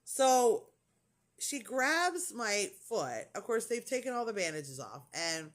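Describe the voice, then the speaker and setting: A woman's voice: on the high side, slow pace. Woman vlogger rambling through a story, lots of likes and ums, voice jumps up and down a lot. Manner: animated, retells dialogue with lots of "like" and fillers. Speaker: crafting vlogger. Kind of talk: casual storytelling chat.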